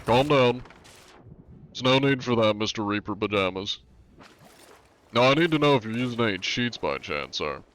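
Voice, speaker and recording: A man's voice: medium pitch, lively intonation, moderate pace, pauses often, a bit bright, clear, resonant tone, natural voice. A young man playing a prim, overly polite inspector. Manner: prim, mock-official, repeats "sir". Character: overly polite formal male cheat inspector.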